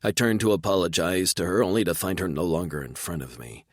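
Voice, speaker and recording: A man narrating a romance audiobook in the first person, intense and measured. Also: low voice, no room sound, clean studio sound.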